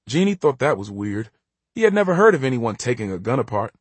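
A man narrating a story in an even, storytelling delivery. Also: medium pitch, brisk, husky, no echo. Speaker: audiobook narrator. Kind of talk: scripted narration.

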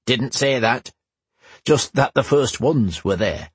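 A man's voice: mid-range voice, lively intonation, slow pace, breathy edge, dry recording, exaggerated voice. A male narrator voicing a grumpy, grey-haired old cobbler who talks bluntly and grumbles. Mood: gossiping. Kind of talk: audiobook character voice.

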